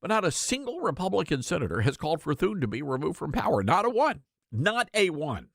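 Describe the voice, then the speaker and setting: A man's voice: on the high side, very animated, fast talker, creaky, fairly bright tone, dry recording. A man hosting a talk radio show, giving opinionated political commentary with emphatic repetition into a studio mic. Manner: emphatic, repeats lines for effect.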